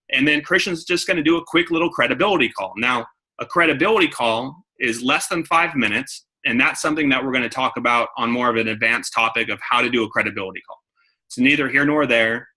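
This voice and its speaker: A man's voice: mid-range voice, pushed and bright, low-quality recording. A man giving a coaching talk to his sales team, repeating key points and acting out phone calls. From San Diego. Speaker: network marketing trainer.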